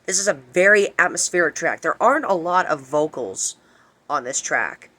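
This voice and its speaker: Young male host, casual countdown chat, bright forceful tone, enthusiastic repeater. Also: on the high side, animated, normal speed. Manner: enthusiastic, repeats words, stretches words for emphasis. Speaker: music video host. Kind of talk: casual music countdown commentary.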